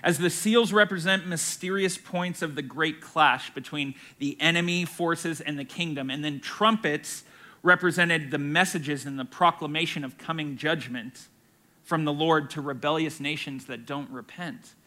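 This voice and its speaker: Pastor type, male, bright higher voice, emphatic teaching with rhetorical questions. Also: normal speed. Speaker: pastor teaching a Bible class. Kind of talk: sermon-style Bible teaching.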